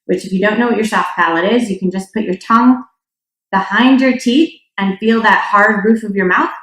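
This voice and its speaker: A woman's voice: mid-range voice, normal speed, a bit bright. A young adult woman from North Dakota teaching a singing lesson, chatty, with demonstration sounds. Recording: echoey room.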